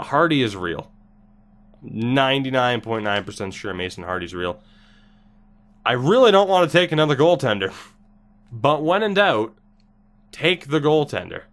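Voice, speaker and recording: A man at a desk mic streaming a hockey video game. He mutters wry, sarcastic remarks as he plays and reads viewers' comments aloud, with a pitch that swings up and down constantly. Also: fairly bright tone. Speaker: gaming streamer.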